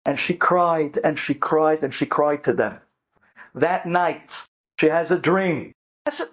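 A man, a rabbi and storyteller, telling a family story in an animated, dramatic way and mixing in Hebrew words. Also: on the high side, takes it slowly. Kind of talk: lively storytelling talk.

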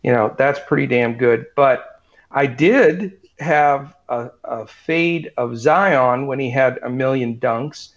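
A man co-hosts a casual sports betting podcast, rambling with plenty of fillers and restarts. He speaks slowly in a mid-range voice, and the sound is dull and lo-fi.

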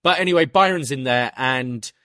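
A man's voice: mid-range voice, moderate pace, a bit bright, dry recording, studio quality. A man co-hosting a casual review podcast, retelling scenes with quoted voices. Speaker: podcast co-host.

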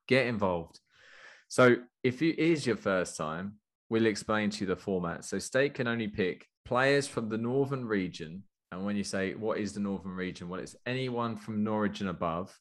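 A man hosting a casual podcast, chatty and jokey, running through the agenda. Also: deep voice. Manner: upbeat, jokey, chatty presenter. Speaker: podcast host.

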